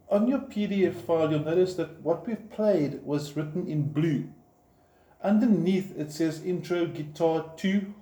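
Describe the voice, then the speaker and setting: Slightly high and mellow, a man's voice guides a step-by-step guitar lesson, patiently explaining while playing and counting in, with guitar behind him and a roomy echo.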